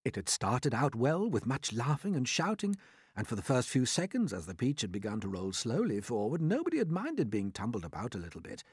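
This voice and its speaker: A man reading a children's storybook aloud in an expressive, dramatic way. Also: medium pitch, a little fast, breathy edge, no room sound, clean studio sound.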